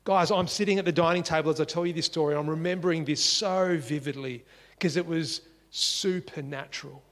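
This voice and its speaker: An Australian man telling a personal story in a lively, conversational way, acting out the dialogue as he goes, seated at home at a dining table. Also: on the high side, fairly quick, long reverb tail. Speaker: speaker sharing a life story.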